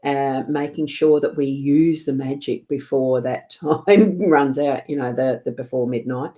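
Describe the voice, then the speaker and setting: Low mellow Australian woman reading cards. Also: steady tone, unhurried. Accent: South Australian. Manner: rambling, gentle, laughs often. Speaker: psychic card reader. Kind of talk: livestream card reading. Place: home desk.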